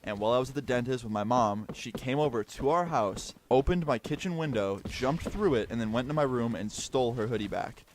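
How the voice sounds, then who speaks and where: A young man casually recounting a personal story as a vlogger, chatty and animated with lots of "like" fillers. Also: medium pitch, fairly quick, few pauses, a little hiss or hum.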